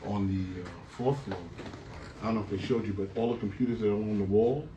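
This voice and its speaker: A man in a casual studio chat, reacting in an animated, excitable way. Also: fairly low pitch, brisk, recorded from a distance. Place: studio room. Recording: echoey room from off-mic, noise.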